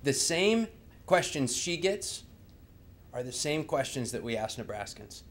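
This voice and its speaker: A man's voice: mid-range voice, very animated, unhurried, a little hiss or hum. Man giving a conversational slide talk. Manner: conversational, asks the audience rhetorical questions. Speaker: presenter.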